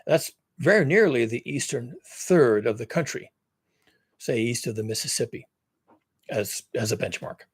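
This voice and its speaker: A man's voice: medium pitch, vocal fry, no echo. Earnest man explaining, dry close sound. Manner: earnest, repetitive, explaining with lists and restarts. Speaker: climate commentary host. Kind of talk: live-streamed solo talk.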